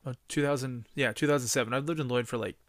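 A man's voice: medium pitch, fast talker, slight background noise. A man from British Columbia hosting a podcast, telling stories eagerly in casual chat and swearing freely. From British Columbia, Canada. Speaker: podcast host.

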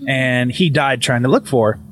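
A young man telling a ghost story in casual podcast chat, animated and swearing, often stopping to restart a phrase and jumping up in pitch when he quotes himself. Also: normal speed, slight background noise.

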